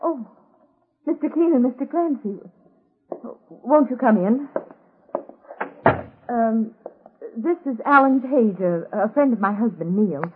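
A high breathy fretful young woman, slow and pleading, 50s radio play. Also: lively intonation, noisy background. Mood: uneasy. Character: anxious young wife, fragile and emotional. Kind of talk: 1950s radio drama acting. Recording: tinny old radio broadcast.

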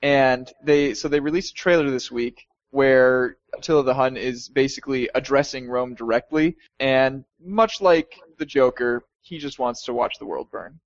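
A man's voice: mid-range voice, moderate pace, hardly any pauses, no echo, dull audio. A man co-hosting a gaming podcast, casual and joking, with many fillers. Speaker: podcast co-host. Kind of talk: casual chat.

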